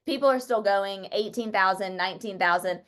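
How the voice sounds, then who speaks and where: A woman's voice: mid-range voice, brisk. Chatty woman telling a story to a group. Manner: chatty, full of "like" fillers, excitable. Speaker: Bible study speaker.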